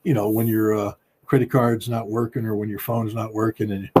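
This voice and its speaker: A man with a husky voice giving political commentary in an interview, talking in an emphatic, combative way. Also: flat delivery, fairly quick, very noisy. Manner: emphatic and combative, with big swings in pitch and loudness. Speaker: political commentator, former weapons inspector.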